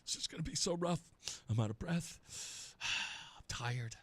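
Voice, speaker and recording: A man voicing an exhausted, self-pitying male senator in a low, breathy, half-whispered mocking parody. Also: a little slow, fairly bright tone. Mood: whiny mockery. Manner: mocking, whiny.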